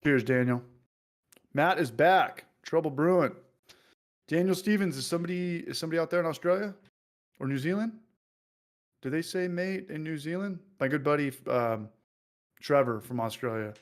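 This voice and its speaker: A man's voice: fairly high pitch, moderate pace, pauses often. A man casually hosting a livestream, joking loosely and reading out viewer comments. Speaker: livestream host.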